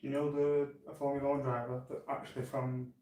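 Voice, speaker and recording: A man's voice: medium pitch, little pitch movement, brisk, darkish tone, distant mic. Man talking from across an echoey room. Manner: casual, joins in from across the room.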